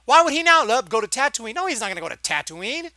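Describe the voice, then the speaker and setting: A man's voice: extremely high pitch, big pitch swings, fast talker, pushed and bright, dry recording. Exasperated man ranting a movie review. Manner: sarcastic, exasperated, acts out quotes.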